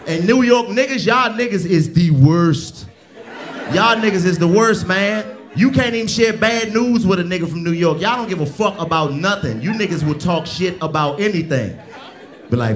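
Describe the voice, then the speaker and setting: A brash male stand-up comic works the room on a handheld mic, his voice sitting a bit high as he yells and curses. A packed club crowd roars and laughs clearly behind him. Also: unhurried. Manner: brash, loud, often yelling and cursing. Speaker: stand-up comedian. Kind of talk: crowd-work stand-up roast. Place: live comedy club ballroom. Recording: live club with crowd noise.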